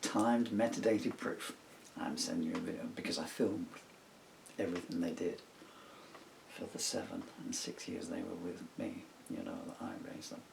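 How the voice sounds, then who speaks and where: A man's voice: low-pitched, expressive, moderate pace, vocal fry, distant mic, noisy background. A middle-aged man, a songwriter, talking to himself in a casual, rambling and digressive way while working at a table at home. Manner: musing, digressive, talks to himself.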